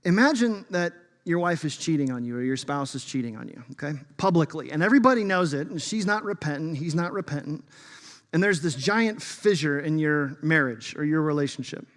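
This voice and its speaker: A man's voice: a little high, expressive, a little fast. Emphatic male pastor in a reverberant hall. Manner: emphatic, swings from loud to hushed. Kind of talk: sermon. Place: church sanctuary. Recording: long reverb of a large hall.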